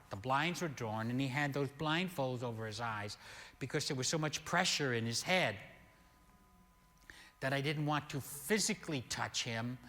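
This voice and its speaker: An older man preaching as a pastor, telling a healing story slowly and animatedly, with sudden loud peaks. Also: mid-range voice. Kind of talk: sermon storytelling. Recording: long hall reverb.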